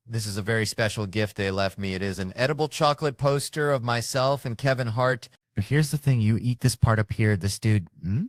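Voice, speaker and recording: A male comedian telling loud, profane stand-up stories and acting out the people in them. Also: lowish voice, normal speed, few pauses, dry recording, clean studio sound. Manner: loud, swearing, acting out characters. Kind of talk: stand-up storytelling.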